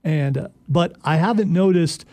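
A male radio co-host with a gravelly, mellow voice that sits a little higher in pitch. He chats casually, hesitates often and stumbles over words. He is recorded dry and close in the studio. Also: normal speed, dry recording. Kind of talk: casual sports radio chat.

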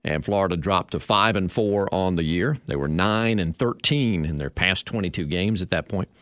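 A man hosting a sports talk radio show, telling stories in a lively way. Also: deep voice, normal speed, no room sound, clean studio sound. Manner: lively storytelling, chuckling.

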